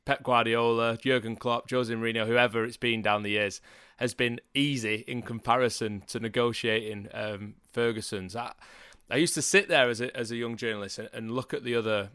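A man, hosting a podcast in a measured, broadcaster-like way. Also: mid-range voice, fairly even intonation, fairly bright tone, clear, resonant tone, no echo, clean studio sound. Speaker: podcast host. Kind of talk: podcast chat.

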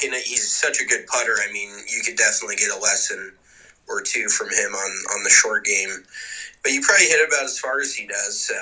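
A man with a very bright, sharp-edged voice co-hosts a loose sports chat over a video call. He talks in an easygoing, joking way and swears freely. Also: medium pitch, poor audio. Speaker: podcast co-host.

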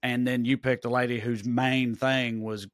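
A man's voice: mid-range voice, level tone, dry recording, studio quality. A man co-hosting a casual podcast, joking along and chiming in with easy banter. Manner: laid-back, joking banter with quick agreement. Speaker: podcast co-host.

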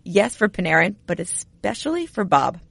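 A woman co-hosting a hockey podcast, chatting casually and telling stories with lively energy. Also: medium pitch, normal speed, creaky, no echo. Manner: chatty, animated storyteller. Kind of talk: casual sports chat.

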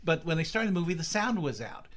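Man, casual chat, animated storytelling, slightly high pitch. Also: fast talker.

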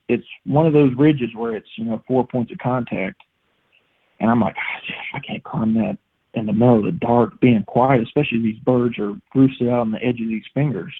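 Guest caller, man, husky voice, animated storyteller, heard down a phone line. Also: medium pitch. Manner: animated, quoting his own thoughts, sound effects. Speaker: podcast guest, listener. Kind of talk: casual storytelling.

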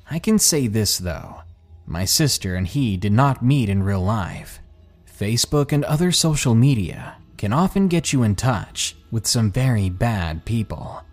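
A man narrating listener stories for his podcast, measured and paced with dramatic pauses. His pitch moves in a lively way through each line. Soft music plays faintly under his voice. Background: faint background music.

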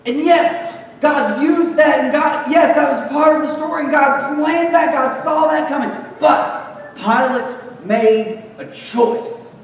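A man's voice: very high-pitched, slow. A man preaching a sermon, chatty and joking, then pressing his points with emphatic lists. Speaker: pastor. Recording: echoey hall, mic far off.

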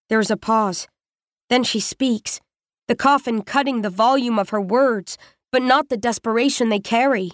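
A woman narrates a tense first-person story in a measured, intimate way. Her voice sits a little high for a woman. The recording is dry and close, with no room sound. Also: dry recording.

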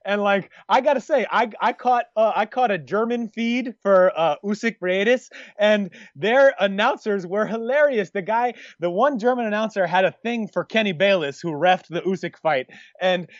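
Jokey and rambling, this podcast co-host keeps cutting himself off and restarting during casual chat. He speaks at a moderate pace in a high-pitched voice, on a dry, lo-fi recording.

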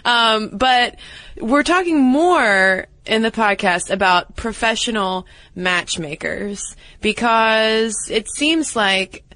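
A woman's voice: fairly high pitch, takes it slowly, pushed and bright, dry recording. A woman co-hosting a podcast, chatting casually and telling stories with small hesitations. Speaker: podcast co-host. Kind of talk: casual chat.

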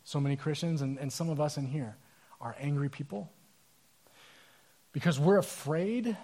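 A male pastor preaching a sermon in a casual, animated storytelling manner with asides. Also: a little high, moderate pace.

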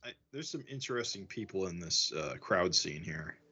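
A man's voice: low voice, lively intonation, moderate pace, pushed and bright, breathy edge, muffled recording. A man co-hosting a comics podcast, joking casually with stumbling restarts. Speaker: podcast co-host. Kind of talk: casual chat.

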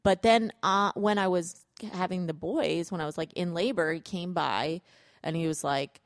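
A woman's voice: lowish voice, moderate pace, no room sound, studio quality. A woman co-hosting a podcast in casual chat, rambling and giggly, full of fillers. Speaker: podcast co-host.

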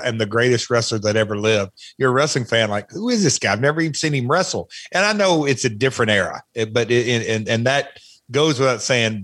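A man in his fifties with a soft Tennessee twang talks as a podcast guest, rambling, restarting and laughing at himself. His voice is mid-pitched and recorded close and dry. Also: no echo. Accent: Southern US, Tennessee. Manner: rambling, self-mocking, frequent restarts. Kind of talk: casual podcast chat.

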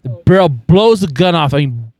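A man's voice: a little high, expressive, normal speed, a little mellow, no echo. A man telling a rambling hunting story on a casual podcast, defending his side of it. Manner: rambling, self-justifying. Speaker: podcast guest.

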